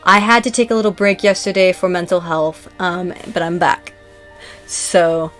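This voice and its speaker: A woman's voice: lowish voice, flat delivery, moderate pace, a bit bright, faint music behind. An American woman hosting a casual chat, rambling and self-deprecating, with lots of fillers. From United States. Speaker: host.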